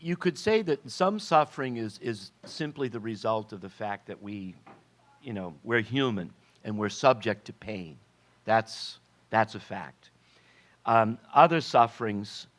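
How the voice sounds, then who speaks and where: A man's voice: on the low side, a bit bright. Man preaching a casual, conversational sermon. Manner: conversational, with frequent restarts and rhetorical questions. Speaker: pastor. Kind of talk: informal sermon talk.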